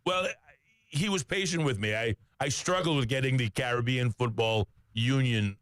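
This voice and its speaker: A man's voice: mid-range voice, moderate pace, fairly bright tone, dry recording. A man co-hosting a radio talk show. He reads sports news in a conversational way, with frequent "uh" fillers and self-corrections.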